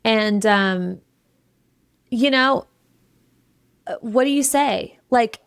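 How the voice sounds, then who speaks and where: A woman's voice: a little high, drawn-out words, vocal fry, clear, resonant tone, no room sound, studio quality. A woman in her thirties hosting a solo podcast, telling a personal story in a candid, emotional way, rambling and restarting her sentences. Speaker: podcast host.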